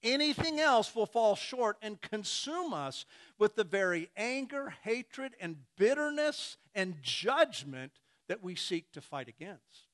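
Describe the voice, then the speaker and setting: Animated high-voiced male preacher. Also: slow pace. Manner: animated, acts out imagined dialogues. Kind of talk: sermon.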